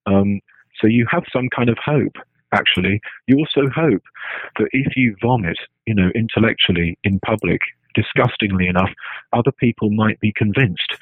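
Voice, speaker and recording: A man's voice: fairly low pitch, normal speed, breathy edge, no echo. A man in casual, hesitant talk who restarts his phrases and keeps checking in with "right?". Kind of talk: casual spoken musing. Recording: tinny phone-like line, dry.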